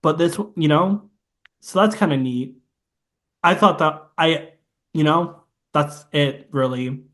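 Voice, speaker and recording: A man's voice: on the high side, slow, fairly bright tone. A man co-hosting a podcast, recapping a film in casual, rambling chat and imitating its sound effects. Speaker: podcast co-host.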